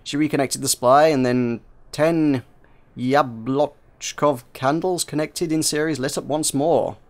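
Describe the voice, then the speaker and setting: A man's voice: a little high, steady tone, a little slow. A man reading a narrative game aloud for viewers, narrating with frequent slips and restarts.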